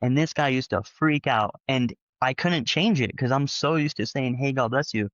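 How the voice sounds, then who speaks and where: A man sharing his experiences in casual conversational storytelling, rambling and animated with lots of fillers. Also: medium pitch, normal speed, no room sound, dull audio. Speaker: panel guest, former church member.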